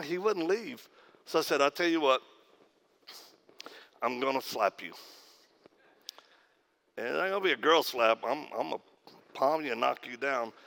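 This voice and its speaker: A man's voice: mid-range voice, creaky, bright, forceful tone. A man speaking from a conference stage, a pastor telling folksy, humorous stories and acting out the voices of the people in them. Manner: folksy storyteller, acts out quoted voices, laughs at own stories. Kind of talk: humorous speech to a conference crowd.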